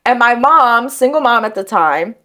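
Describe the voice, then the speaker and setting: A woman co-hosting a podcast, telling a story in casual chat, laughing and acting out voices in high shrieks. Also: moderate pace. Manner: animated, laughing, acts out quotes in high shrieks. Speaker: podcast co-host.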